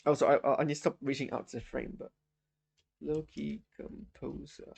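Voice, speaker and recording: A man's voice: medium pitch, fairly even intonation, very fast, creaky, a little mellow, breathy edge. A young man giving a live reaction review of a TV episode, rambling, self-interrupting and often exasperated. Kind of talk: live post-watch reaction.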